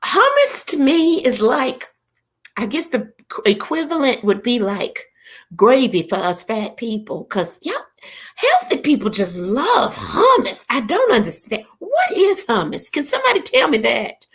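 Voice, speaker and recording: A middle-aged woman from the American South hosts a relaxed live-stream chat with a fairly high voice. Her pitch leaps and dips playfully, and she breaks into laughter often while chatting with viewers. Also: a little slow. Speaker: host of a live chat show.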